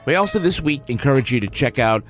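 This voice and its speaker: A man co-hosting a podcast with a very animated, swooping delivery and faint music underneath. He cracks dry jokes and tells small stories with lively energy. Relaxed, easy talk between regulars. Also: mid-range voice, quick pace. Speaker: podcast co-host. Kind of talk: casual podcast banter.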